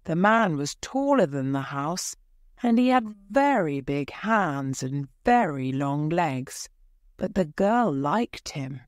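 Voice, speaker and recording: Slow, low-voiced woman reading a story. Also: sing-song, dry recording, studio quality. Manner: clear, deliberate. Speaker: story reader. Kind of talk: slow storybook narration for English learners.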